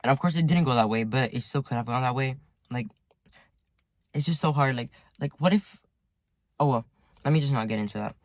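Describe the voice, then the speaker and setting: A man's voice: mid-range voice, brisk, long pauses, no room sound. A teenage boy telling a casual storytime to his viewers from his parked car, rambling, full of "like" and swearing. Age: teen. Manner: rambling, heavy use of "like", swears often. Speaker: vlogger. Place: sitting in his car at home.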